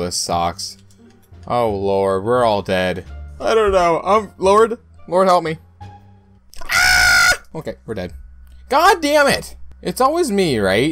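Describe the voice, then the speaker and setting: Young man narrating his own gameplay, pitch leaping all over, blurting and cursing, soft music under. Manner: excitable, loud outbursts, heavy swearing. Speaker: gaming YouTuber. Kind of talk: live gameplay commentary.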